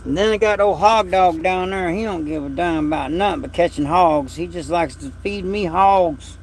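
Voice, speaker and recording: High, gravelly man chatting. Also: normal speed, slight background noise. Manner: rambling, folksy, emotional. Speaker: livestream host. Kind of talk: casual livestream chat. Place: home at night.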